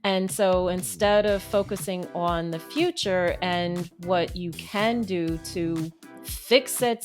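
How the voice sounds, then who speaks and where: A woman hosts a podcast and talks through ideas in a reflective way. She speaks slowly, and her voice sits on the low side. Faint music plays underneath. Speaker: podcast host. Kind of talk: casual interview chat.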